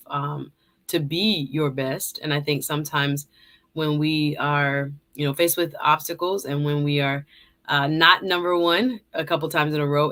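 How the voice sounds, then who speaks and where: Bright-voiced encouraging woman host. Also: low-pitched. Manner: encouraging, reflective. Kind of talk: casual interview.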